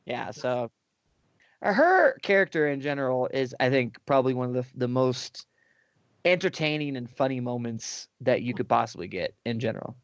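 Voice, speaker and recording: Male co-host, casual livestream chatter, lively storyteller; dry close lo-fi mic. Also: medium pitch, brisk, clear, resonant tone, no echo. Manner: animated retelling, often acting out exaggerated quotes. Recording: dull lo-fi dry sound.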